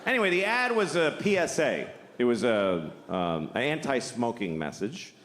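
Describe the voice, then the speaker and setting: A man's voice: medium pitch, big pitch swings, moderate pace, fairly bright tone. A man doing a stand-up comedy set, rambling and sardonic, self-deprecating, with frequent restarts. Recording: live hall with audience noise.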